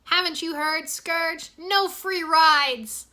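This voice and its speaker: A woman's voice: very high-pitched, takes it slowly, sharp tone, voice pushed up, heavily acted. A woman doing a jokey boastful young ninja guy. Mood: heroic bravado. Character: wisecracking young male ninja hamming it up.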